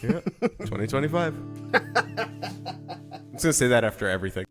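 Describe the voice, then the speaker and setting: A man's voice: mid-range voice, big pitch swings, moderate pace, over music. A man performing at a live open mic webcast, bantering in a playful, teasing way with tumbling restarts. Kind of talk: casual banter between songs.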